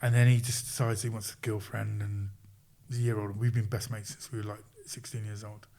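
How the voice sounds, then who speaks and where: With a lowish, creaky voice and a slightly fast pace, a middle-aged sports coach shares a story as a podcast guest. He keeps it casual and energetic, acting out what was said and chuckling now and then.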